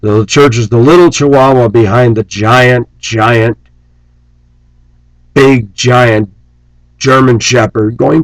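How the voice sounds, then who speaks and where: A man's voice: steady tone, slow, pauses often, no echo, poor audio. A man delivering an angry, preachy rant on his vlog, scornful and sarcastic. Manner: mocks opponents in shrill put-on voices. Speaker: vlogger.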